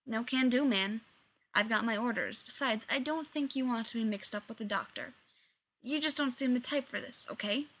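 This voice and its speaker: Brief: woman voicing a friendly young soldier man, relaxed and casual, a bit high. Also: normal speed. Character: easygoing young male soldier.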